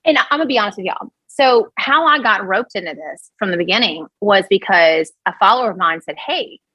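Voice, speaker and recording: A woman from Louisiana with a Cajun accent, a podcast guest telling a story in an animated, rambling way. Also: mid-range voice, a little fast, dry recording, dull audio. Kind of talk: casual storytelling chat.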